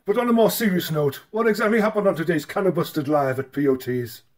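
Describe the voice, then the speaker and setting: A man's voice: high voice, quick pace. Man playing a mock-serious news anchor. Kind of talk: comedic news parody.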